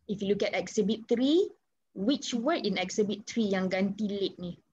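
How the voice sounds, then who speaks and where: Over slightly muffled video call audio with a bit of background noise, a Malaysian-accented woman leads an online English lesson. Her mid-range voice is expressive and darkish, at a moderate pace. She switches between Malay and English, questioning her students encouragingly.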